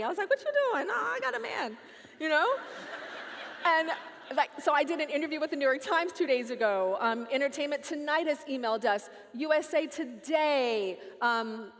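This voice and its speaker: A woman's voice: sits high, fairly quick. A woman speaking on stage at a conference to a live audience, playful and teasing, talking straight to the crowd. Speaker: featured speaker. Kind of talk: animated stage talk. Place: large hall with live audience. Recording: long hall reverb.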